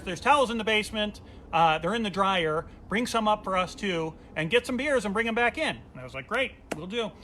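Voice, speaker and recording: A man with a bright, fairly high voice spins a funny personal tale in a loose, chatty way. He throws himself into the quotes, leaping up in pitch and volume when he acts out the panic. A soft room hum sits underneath. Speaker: comedian telling a story. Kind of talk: casual comedic storytelling. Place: home during quarantine.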